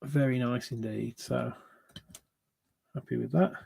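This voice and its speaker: A man's voice: mid-range voice, steady tone, measured pace, creaky, mellow, husky, dry recording. Guy opening trading card packs, chatty and a bit hesitant, dry close sound. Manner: chatty, hesitant, lots of fillers and restarts. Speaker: card break host. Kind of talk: casual live card-break commentary.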